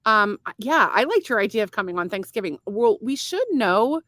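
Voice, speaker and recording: A woman's voice: mid-range voice, animated, normal speed, fairly bright tone, no echo. A woman co-hosting a casual podcast, laughing often and swearing freely while she reads out viewer comments. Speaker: podcast co-host.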